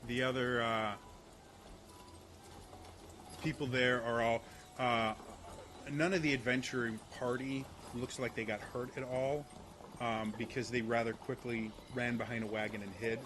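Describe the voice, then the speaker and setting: A man narrating as game master in a laid-back, halting way. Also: medium pitch, fairly even intonation, background noise.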